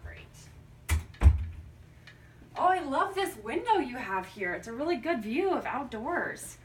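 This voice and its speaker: A young woman playing a hospital social worker in a practice interview, speaking gently and carefully with frequent ums. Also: sits high, very animated, slow. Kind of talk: practice interview role-play. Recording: roomy, distant mic with faint noise.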